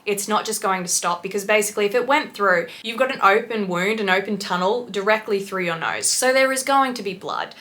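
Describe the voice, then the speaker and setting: A woman's voice: mid-range voice, fairly bright tone. A woman piercer reacting to clips in casual commentary, explaining patiently and swearing bluntly.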